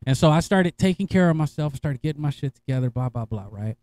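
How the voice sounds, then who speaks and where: This podcast host is a middle-aged man whose voice leans high and who speaks quickly. He's an animated storyteller, swearing freely, laughing a lot, and keeping his monologue loose and casual.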